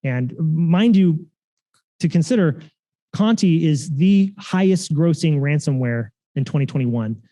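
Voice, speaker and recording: A man's voice: on the high side, animated, measured pace, dark tone. A man giving a security conference talk, casual and full of fillers and restarts. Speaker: conference speaker. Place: conference room.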